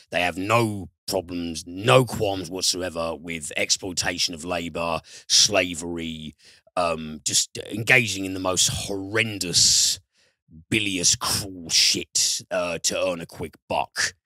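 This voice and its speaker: A man's voice: deep voice, sharp tone, no room sound, clean studio sound. A British man reviewing films on a podcast in casual chat, enthusiastic and swearing freely. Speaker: film reviewer.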